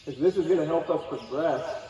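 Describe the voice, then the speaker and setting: A man teaching a live horse-training clinic, talking in a calm, coaxing way to both the horse and the watching group. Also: on the high side, a little fast. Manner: calm, coaxing, talks to horse and audience in turns. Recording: distant, echoey, dull outdoor recording.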